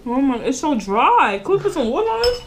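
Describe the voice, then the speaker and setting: A young woman with a high, very lively voice protests and reacts expressively throughout a home food challenge. The home-video recording carries heavy, constant background noise. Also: brisk. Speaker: daughter taking part in a food challenge. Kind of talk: casual home video chat.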